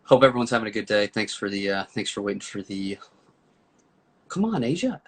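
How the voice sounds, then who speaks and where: A man's voice: fairly low pitch, a little fast. A man hosting a casual live-stream chat, upbeat and chatty, talking to viewers and a guest. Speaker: host.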